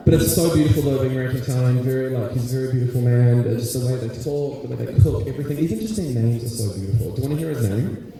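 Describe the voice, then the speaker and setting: A man's voice: medium pitch, rapid-fire, few pauses. A man doing live stand-up comedy, bantering with the audience between bits, recorded far off in a large civic hall with audience sound. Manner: chatty, crowd-work banter with the audience. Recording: distant, very echoey hall, audience noise.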